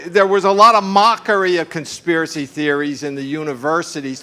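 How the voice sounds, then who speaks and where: Bright-voiced man on a conference panel. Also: fairly high pitch, clean tone. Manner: discursive, frequent fillers and asides, laughs often. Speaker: panel speaker. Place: live conference stage.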